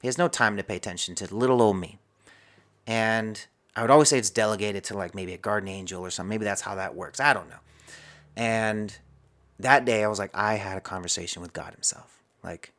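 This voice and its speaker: A man's voice: fairly low pitch, a little fast, a bit bright. A man as a podcast guest, telling a personal story and acting out his own inner dialogue.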